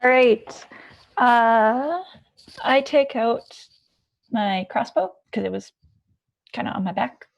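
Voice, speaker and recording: A woman playing a tabletop game, excitable and quick to cheer her own rolls. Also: a little high, vocal fry, dull audio. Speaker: player.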